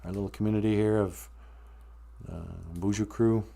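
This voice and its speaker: A man with a lowish, dark voice and some vocal fry hosts a live stream from an Ojibwe reservation in the US. His intonation stays fairly even at a normal pace as he jokes, rambles, and laughs often in comedic chat.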